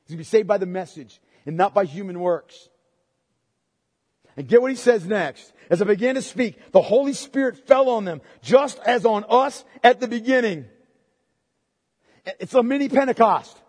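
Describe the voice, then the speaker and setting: A man with a strikingly high voice preaches an expository sermon in a large church sanctuary. He pushes each point with emphasis and keeps checking in with his congregation through tag questions. His voice trails off into a long, echoing hall reverb. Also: expressive, normal speed, a little mellow, breathy edge. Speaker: pastor.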